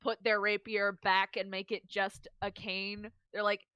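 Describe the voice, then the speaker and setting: A woman playing in a tabletop game, halting and self-deprecating as she talks about her character. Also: mid-range voice, fairly even intonation, sharp tone, clean tone, no echo, dull audio. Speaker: player. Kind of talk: casual tabletop game chat.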